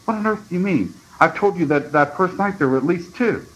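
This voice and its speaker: A man voicing a frightened young boy in a storybook reading, high and pleading. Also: expressive, fairly quick, muffled recording, close to an everyday voice.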